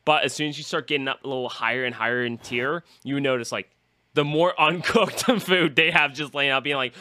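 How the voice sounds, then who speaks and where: Male podcast host, bright forceful voice, rambling anecdotal delivery. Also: mid-range voice, fairly quick. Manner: rambling storytelling, acts out quotes. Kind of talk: casual podcast chat.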